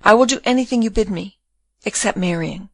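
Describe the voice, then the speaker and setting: A woman's voice: mid-range voice, fairly quick, no echo, studio quality, natural voice. A woman voicing a devoted young girl in grief, speaking in a pleading, distraught way.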